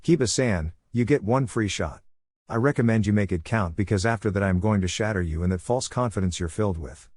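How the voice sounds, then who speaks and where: A man reading the lines of a calm, cold teenage ninja boy with a deadpan delivery. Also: lowish voice, a little fast, no room sound, clean studio sound, natural voice. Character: calm, menacing masked teen boy ninja.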